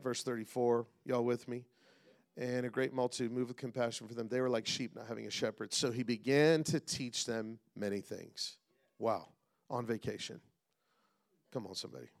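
A middle-aged man preaching a sermon as pastor, calling out to the congregation and swinging between loud and hushed delivery. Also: medium pitch, vocal fry.

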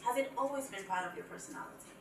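A woman hosting a sit-down interview, asking questions and listening attentively with soft affirming hums. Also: mid-range voice, very fast, vocal fry, slight background noise. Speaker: interview host. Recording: roomy and distant from the mic.

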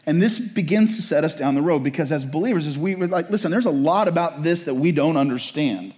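A man's voice: a little high, lively intonation, brisk, darkish tone. A man preaching a sermon in a conversational way, often asking his listeners "right?". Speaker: pastor.

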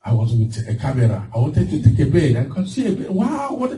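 A man preaching a lively sermon as pastor, laughing often and acting out voices of the people he describes. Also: mid-range voice, fairly quick. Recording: distant mic with faint background noise.

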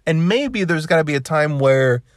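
A man hosting a casual solo podcast, rambling and swearing freely and tossing in "dude" every few lines. His pitch jumps all over the place, sliding up and down as he talks, and he sounds close and dry with no room sound. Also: moderate pace, no room sound. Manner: rambling and profane, with constant "dude" and restarts; lively, swinging pitch up and down. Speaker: podcast host.

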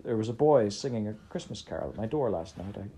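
A woman's voice: extremely low pitch, lively intonation, fast, heavy background noise. A woman voicing an uneasy old miser in a storybook reading, speaking in a subdued, brief way. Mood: wistful.

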